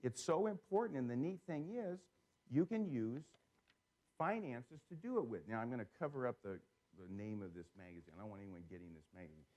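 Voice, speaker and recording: Animated man giving a live seminar talk. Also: medium pitch, a little fast. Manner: animated storytelling, asks the audience questions. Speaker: seminar speaker. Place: seminar room before a live audience.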